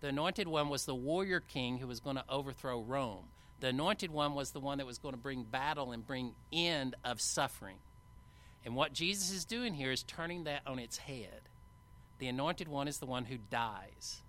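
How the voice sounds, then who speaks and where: Bright-voiced male preacher. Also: medium pitch, moderate pace. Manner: animated Bible storytelling, acting out quoted lines; conversational asides with fillers. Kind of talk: sermon.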